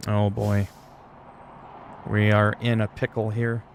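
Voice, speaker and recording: A man's voice: lowish voice, takes it slowly. A man streaming a game and chatting to viewers, telling stories bluntly with plenty of swearing. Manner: blunt, profane storytelling to chat. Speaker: livestreamer. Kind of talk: casual chat while gaming. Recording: steady background noise.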